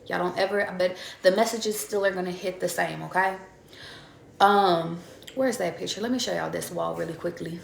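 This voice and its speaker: Chatty tarot woman, gravelly, in an echoey room. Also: lowish voice, normal speed, a little hiss or hum. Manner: chatty, swears freely, addresses viewers as y'all. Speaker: tarot reader. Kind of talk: casual spiritual talk to viewers.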